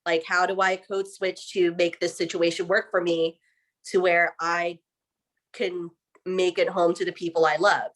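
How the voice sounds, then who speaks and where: A woman's voice: lowish voice, level tone, a little slow. A woman speaking as a guest in a casual discussion, earnest and reflective.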